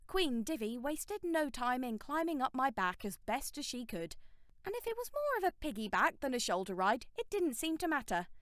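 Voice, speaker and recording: A woman narrating a teen novel audiobook in the first person, wry and expressive. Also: high-pitched, no room sound, studio quality.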